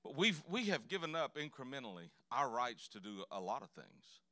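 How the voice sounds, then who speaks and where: A man's voice: mid-range voice, big pitch swings, normal speed, pushed and bright, no echo. A man preaching a sermon in a church, telling folksy, joking stories. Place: church sanctuary.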